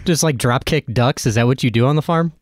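A man's voice: mid-range voice, no echo, studio quality. A man on a podcast, throwing in wisecracks during casual banter. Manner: jokey, quick with wisecracks.

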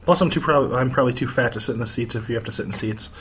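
A man's voice: medium pitch, rapid-fire, a bit bright, a little hiss or hum. An American man co-hosting a casual gossip podcast with his wife, rambling, swearing freely and laughing often. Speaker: podcast co-host. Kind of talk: casual chat.

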